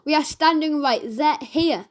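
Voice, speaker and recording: A woman's voice: sits high, a little slow. A woman voicing two spiteful grown men who run a toyshop, snapping and bellowing at a boy. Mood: snappy. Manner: hissing, demanding, bellowing.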